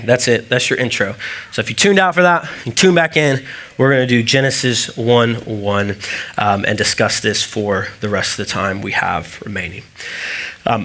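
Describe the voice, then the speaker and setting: A man's voice: mid-range voice, fairly bright tone. A man preaching a sermon as pastor, talking casually, telling stories with asides and fillers. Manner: conversational, storytelling with asides and fillers.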